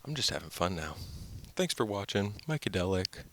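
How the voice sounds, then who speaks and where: A man's voice: low voice, sing-song, moderate pace, fairly bright tone, slight background noise. A young man rambling in a goofy, upbeat way as he hosts his own vlog, recorded outdoors by the water. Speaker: channel host. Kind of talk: casual vlog chat.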